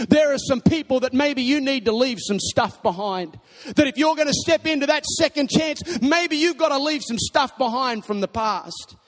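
A young man preaching a sermon, telling stories animatedly and breaking into shouts. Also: very high-pitched, moderate pace. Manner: animated storytelling, bursts into shouting. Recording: long reverb of a large hall.

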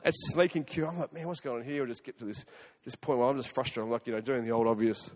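An Australian man preaching a sermon in an animated, conversational way, swinging between loud and hushed as he tells a story. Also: medium pitch, fast talker. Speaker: guest preacher. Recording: long hall reverb.

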